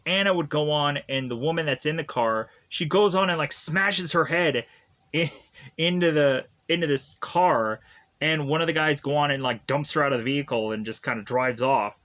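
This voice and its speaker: A man's voice: fairly high pitch, sharp tone, muffled recording. A man casually retelling a film's plot in a rambling way, leaning on fillers and chuckling at twists. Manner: rambling, heavy use of "like" and "is to"; laughs at the plot. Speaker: movie reviewer. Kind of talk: casual spoken film recap.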